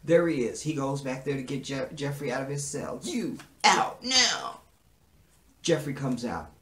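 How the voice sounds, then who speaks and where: A man's voice: mid-range voice, fairly quick. A man giving a casual, profane recap to camera, acting out the dialogue with lots of energy. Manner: animated, profane, acts out the dialogue. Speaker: TV episode reviewer. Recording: echoey room.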